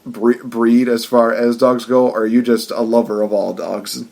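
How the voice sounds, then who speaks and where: A man's voice: medium pitch, little pitch movement, normal speed, creaky, darkish tone. A man hosting a podcast interview, friendly and often tripping over his words. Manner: friendly, stumbles and repeats words. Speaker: podcast host. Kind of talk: casual interview chat.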